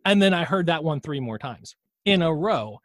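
A man's voice: on the high side, animated, moderate pace, a bit bright, dry recording, clean studio sound. Rambling, profane male podcast co-host. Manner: rambling, profane, admits his own tangents. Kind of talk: casual chat.

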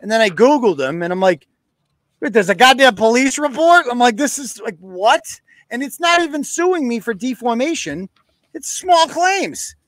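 A man's voice: very high voice, expressive, normal speed, a bit bright, no echo. A man from New hosting a live show, cursing bluntly and acting out quoted exchanges in a casual rant. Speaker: podcast host.

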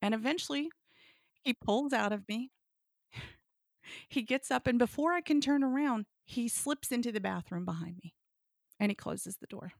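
Frank, gravelly-voiced woman storyteller. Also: a little high, moderate pace, pauses often, no room sound, clean studio sound. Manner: frank, deadpan delivery with bursts of laughter. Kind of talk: comic personal storytelling.

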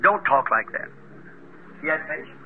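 A man's voice: a little high, expressive, normal speed. A man preacher telling a story in a folksy sermon, chuckling and acting out the characters as he goes. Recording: tinny phone-like old tape with hiss.

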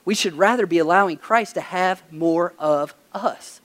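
A pastor preaching a conversational sermon, telling stories and pressing emphatic questions. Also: male voice, high-pitched, unhurried, a bit bright.

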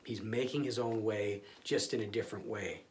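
A man's voice: fairly low pitch, steady tone, normal speed, slight background noise. A male pastor giving a conversational sermon, often restarting and repeating words.

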